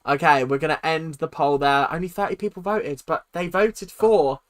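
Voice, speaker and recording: A woman's voice: deep voice, moderate pace. A woman hosting a livestream, chatting casually and bluntly, swearing freely. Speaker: livestream host. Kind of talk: casual live commentary.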